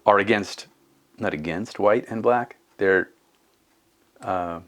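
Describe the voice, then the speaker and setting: A man's voice: lowish voice, slow pace, a bit bright. A man in his fifties talking earnestly in a casual conversation, thinking aloud and restarting his sentences. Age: 50s.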